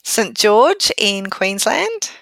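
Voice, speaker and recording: A woman co-hosts a podcast in a relaxed, chatty way, teasing her partner and breaking into laughter often. Her voice sits at an ordinary middle pitch for a woman, and the recording is dry and close-miked. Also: very slow, vocal fry, dry recording. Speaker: podcast co-host. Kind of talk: casual chat.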